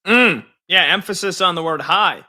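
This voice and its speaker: A male co-host on a sports talk show with a high, very bright voice. He chats casually and keeps firing curious follow-up questions at his partner. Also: moderate pace.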